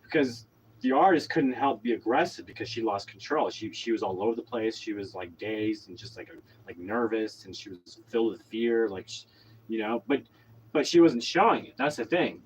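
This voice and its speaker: A man's voice: fairly low pitch, normal speed, slightly rough, poor audio. A man from Oklahoma telling a long story in a casual monologue, rambling with lots of fillers and restarts. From Oklahoma, USA. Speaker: vlogger.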